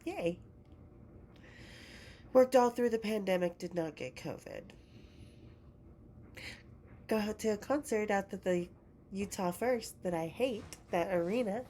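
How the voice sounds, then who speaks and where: A woman's voice: medium pitch, a little slow, long pauses, warm tone, a little hiss or hum. Sick woman chatting as podcast host. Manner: chatty and affectionate, swears freely. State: sick, congested and weary. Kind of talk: casual chat to camera.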